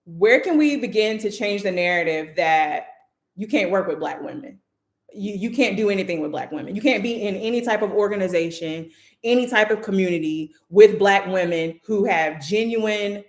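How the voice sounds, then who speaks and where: A woman's voice: medium pitch, normal speed, reverberant. A woman hosting and moderating a casual livestream discussion, talking loosely with lots of "like" fillers. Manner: loose, chatty, full of "like" fillers. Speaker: host and moderator.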